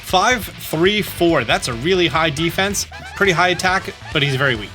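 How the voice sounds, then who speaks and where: A man's voice: on the high side, expressive, normal speed, over music. A man giving chatty, upbeat walkthrough commentary at home, often reading game text aloud. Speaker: gaming YouTuber.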